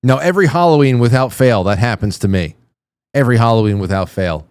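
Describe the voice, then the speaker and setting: Amused host reacting to clips, dry studio sound. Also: male voice, mid-range voice, lively intonation, fast, darkish tone, clear, resonant tone, no room sound. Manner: amused and wry. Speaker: show host. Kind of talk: casual commentary on video clips.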